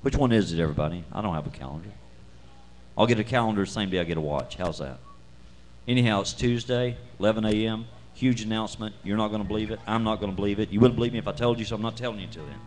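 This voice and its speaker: A man's voice: on the low side, very fast, darkish tone. A man emceeing a live music night on a bar stage, rambling and self-mocking through stage banter with chuckles. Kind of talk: casual joking stage banter.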